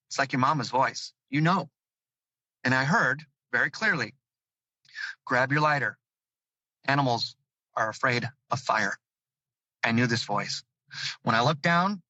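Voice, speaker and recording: Man from Chicago, call-in guest, bright forceful voice, slightly raised pitch, dull dry call audio. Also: moderate pace, long pauses, no room sound. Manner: excited, vivid storytelling, voice rising high with fear. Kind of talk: telling a personal story.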